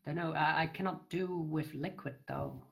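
A woman's voice: deep voice, normal speed, vocal fry, fairly bright tone. A woman being interviewed on a casual podcast call, hesitant and nervous, often repeating her words. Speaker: interview guest.

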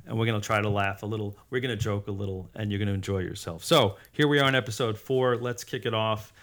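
A man's voice: on the low side, steady tone, a bit bright. A man co-hosting a podcast, telling a joke and then steering the talk along. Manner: tells jokes, then moves briskly into the show. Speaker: podcast co-host. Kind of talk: casual podcast chat.

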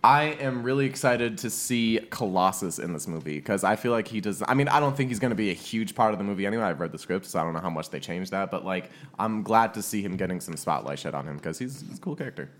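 Co-host: man with a lower voice but lively, expressive intonation. Enthusiastic, laughs easily, faint room ambience. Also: fast, hardly any pauses. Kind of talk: casual group chat.

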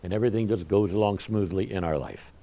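A man preaching a sermon in a folksy, conversational way, often swinging from quiet asides to loud emphatic lines. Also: deep voice, fast talker.

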